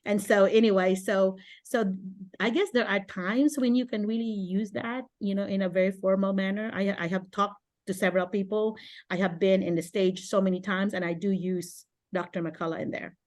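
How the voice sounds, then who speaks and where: A woman's voice: mid-range voice, normal speed. A middle-aged woman from the Philippines hosting a casual video call as a teacher mentor, chatty and laughing often. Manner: chatty, laughs often, animated self-quoting.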